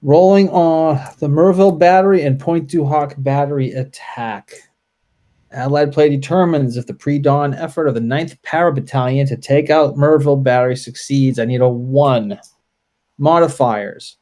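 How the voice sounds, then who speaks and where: A man playing a tabletop wargame, calling out dice results and unit moves in a relaxed, deliberate way. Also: on the high side. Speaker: wargame player. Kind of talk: casual play-through commentary.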